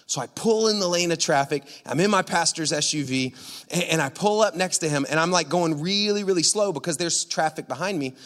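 High-voiced man preaching in an echoing hall. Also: a little fast. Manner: animated, laughing anecdote. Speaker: pastor. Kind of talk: sermon storytelling.

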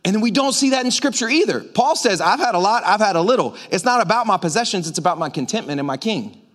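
A man's voice: high voice, lively intonation, quick pace, fairly bright tone. A man preaching a conversational sermon as pastor, emphatic and full of repetitions. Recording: long hall reverb.

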